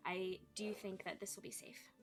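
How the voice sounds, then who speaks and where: A woman's voice: medium pitch, moderate pace, husky, lightly acted. A woman playing a practical elf of the wilds. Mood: reassuring. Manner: calm, reasoning, reassuring. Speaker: tabletop game player.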